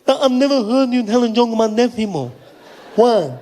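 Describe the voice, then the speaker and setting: A man's voice: lively intonation, rapid-fire. A man putting on a pushy deaf fan. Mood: eager. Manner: loud, pushy and insistent, high raised voice. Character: excitable partially deaf male fan, blunt and teasing.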